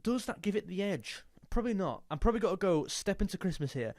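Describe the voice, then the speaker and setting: A man's voice: high voice, animated, fast, darkish tone, no room sound, studio quality. A young man chatting casually and jokily, now and then singing a snatch of a song. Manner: jokey, snatches of sung lines. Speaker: music youtuber. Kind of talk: casual chat.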